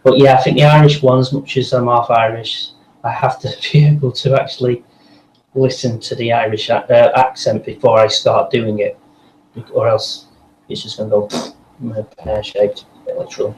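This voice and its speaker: A man's voice: medium pitch, little pitch movement, normal speed, a little mellow. Voice actor guy rambling on in an interview, echoey room, bit of background hiss. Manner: chatty, rambling, frequent restarts and laughs. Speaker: voice actor guest. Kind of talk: casual interview chat. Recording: echoey room with faint noise.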